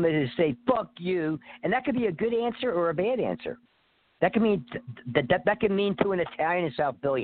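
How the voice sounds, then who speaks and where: A man calling in to a talk radio show, talking in a rambling, profane, streetwise way. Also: mid-range voice. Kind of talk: casual phone-in chat. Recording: tinny phone line.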